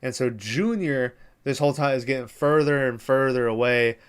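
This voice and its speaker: A man's voice: medium pitch, moderate pace, clear, resonant tone. Young male podcast host, casual swearing recap, clean resonant voice. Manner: rambling, lots of fillers and swearing.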